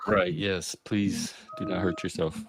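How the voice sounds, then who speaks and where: A man's voice: deep voice, steady tone, a little slow. A man hosting a casual group chat, joking and laughing often. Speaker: podcast host.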